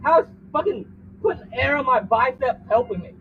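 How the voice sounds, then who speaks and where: Handcuffed in the back of a vehicle after his arrest, a man swears and argues indignantly, repeating himself in a heated confrontation. His voice is extremely high-pitched, expressive and brisk. The recording sounds distant and phone-like, with faint noise.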